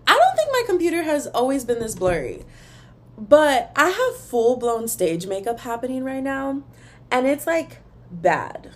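Young woman, podcast host, casual chat, gossipy, says y'all, slightly high voice, laptop mic at home. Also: sing-song, a little slow. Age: young adult. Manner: chatty and gossipy, addresses listeners as y'all. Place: room at home in front of a wall.

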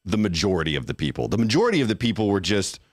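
A man's voice: fairly low pitch, sing-song, rapid-fire, no room sound, clean studio sound. A young man from Texas hosting a podcast livestream, chatting casually and joking with his producer. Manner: laid-back, joking, says dude and bro. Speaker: podcast host.

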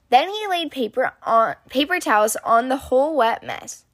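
A woman reading a children's picture book aloud in an expressive, sing-song storytelling manner. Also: high voice, normal speed, few pauses, no room sound, clean studio sound. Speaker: storybook reader.

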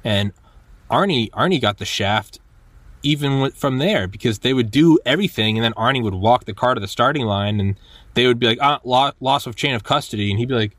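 A man hosting a podcast, telling stories in a lively, animated way and acting out quotes. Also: mid-range voice, brisk, dry recording. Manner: animated storyteller, acts out quotes, many restarts. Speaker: podcast host. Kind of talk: casual conversation.

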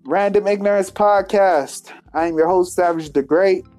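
A man hosting a podcast, telling a comic story in a profane, animated rant. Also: high voice, moderate pace, soft background music. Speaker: podcast host.

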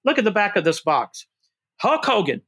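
Older man, excitable interview guest, high bright voice. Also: moderate pace, husky. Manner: excitable, shouts "woo", calls people baby and brother. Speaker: guest, former wrestling manager. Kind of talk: animated storytelling interview.

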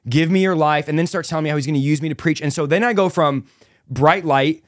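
A young man excitedly telling a personal conversion story as a podcast guest. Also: a little high, no room sound, studio quality. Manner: fast, excitable, animated retelling. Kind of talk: testimony storytelling.

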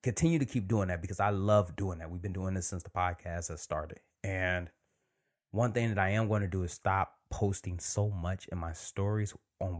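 Low-voiced man hosting a casual podcast. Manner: relaxed and conversational, drops into near-whispers for emphasis. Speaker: podcast host. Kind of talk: casual solo podcast monologue.

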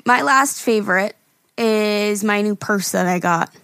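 A woman's voice: mid-range voice, measured pace, fairly bright tone, smooth, no room sound. A young woman co-hosting a podcast in casual chat, talking freely with lots of fillers and laughs. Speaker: podcast co-host.

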